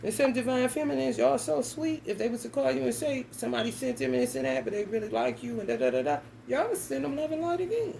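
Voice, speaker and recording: A woman's voice: high voice, expressive, fast talker, creaky, hardly any pauses, mellow, a little hiss or hum, poor audio. A young adult woman giving a casual tarot reading, talking bluntly and emphatically with plenty of cursing and slang. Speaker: tarot reader.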